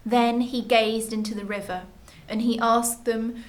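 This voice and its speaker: A woman reading a children's picture book aloud at a library story time, with lively expression. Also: on the high side, measured pace.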